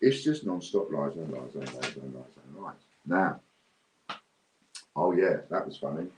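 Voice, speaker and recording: A man's voice: a bass voice, a little slow, a little mellow, reverberant, slight background noise, rough recording. Blunt, indignant man. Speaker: business owner vlogger. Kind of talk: ranting to camera.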